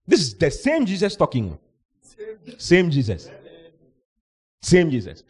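A male pastor preaching a lively sermon, reading scripture and acting out the people in it, sometimes shouting. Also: on the high side, takes it slowly, pauses often, breathy edge. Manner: animated, shouting out and acting out Bible characters.

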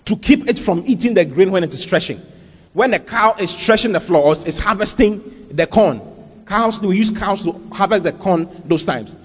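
A man's voice: high voice, expressive, moderate pace, husky, big-room sound. A man preaching a sermon as pastor, emphatic and full of rhetorical questions and sudden "Hey!" interjections.

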